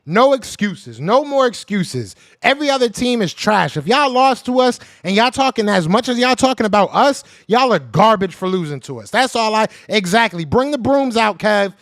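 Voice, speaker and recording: This sports podcast host has a high, sing-song voice, recorded close and dry with no echo, and he talks at a moderate pace with few pauses. During his live-stream rant he hurls loud slang at rival fans, hammers his points through repetition, and speaks right to the chat.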